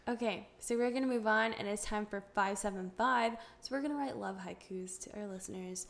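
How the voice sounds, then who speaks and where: A woman's voice: medium pitch, brisk, creaky, hardly any pauses. A woman hosting a casual podcast, upbeat as she leads the segments. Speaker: podcast host.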